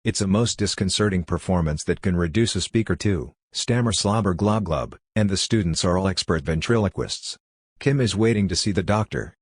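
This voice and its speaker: A man reading a novel aloud at an even, measured pace. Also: sits low, slightly rough, no echo, clean studio sound. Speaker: narrator. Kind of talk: audiobook reading.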